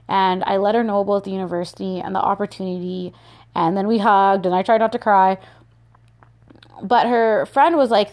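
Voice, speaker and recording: A woman's voice: medium pitch, normal speed. A woman hosting a solo motivational podcast, chatty and upbeat with lots of filler words. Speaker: podcast host.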